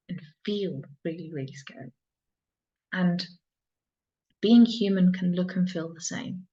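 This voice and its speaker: A woman mentor talking in an earnest, reflective monologue, soft-spoken and repeating phrases for emphasis. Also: lowish voice. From England. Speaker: soul mentor. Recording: dull lo-fi sound.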